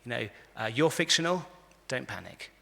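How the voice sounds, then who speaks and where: A man, a rabbi, giving a lively lecture to a live audience, telling stories and acting out the quotes with frequent restarts. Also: medium pitch, normal speed, gravelly. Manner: animated storyteller, frequent restarts, acts out quotes. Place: large convention hall. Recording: echoey hall.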